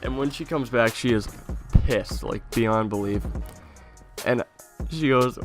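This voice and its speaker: A man's voice: lowish voice, moderate pace, soft background music. A young man casually telling a funny story from his childhood to his viewers, often laughing and swearing a little as he talks. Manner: laughing through an animated anecdote, casual swearing. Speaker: YouTuber.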